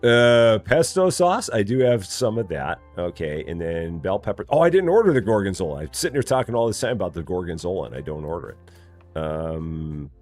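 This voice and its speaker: A man with a low, deep voice chats through a live game stream, his pitch swinging widely as he jokes and rambles. He reads viewer messages aloud between moves, and faint game music plays behind him. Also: very animated, normal speed, darkish tone. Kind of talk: casual live-stream commentary.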